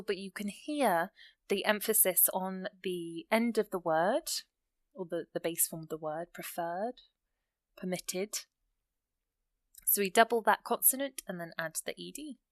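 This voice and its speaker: A woman gives an English grammar lesson. She talks through each rule patiently and slows down for the example sentences. Her voice sits in a middle pitch and sounds close and dry. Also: expressive, a bit bright, no room sound. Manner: explains step by step, reads example sentences slowly. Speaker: English teacher.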